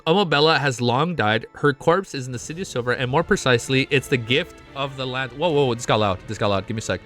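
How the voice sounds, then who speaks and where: A man streaming himself as he reads a web novel aloud, breaking off into excited, profanity-laden reactions. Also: medium pitch. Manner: excitable, swears often, breaks off into loud reactions.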